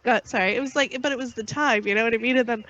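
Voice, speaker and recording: A woman's voice: on the high side, rapid-fire, a bit bright, lo-fi sound. A woman co-hosting a podcast, chatting casually, giggling and trailing off. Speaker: podcast co-host. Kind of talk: casual chat.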